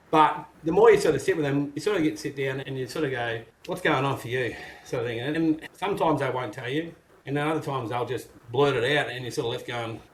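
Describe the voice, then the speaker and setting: A man's voice: medium pitch, fast. A middle-aged Australian man, a carpenter and business owner, talking frankly and casually as an interview guest. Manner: blokey, frank, acts out what people say in a gruff voice. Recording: echoey room with faint noise.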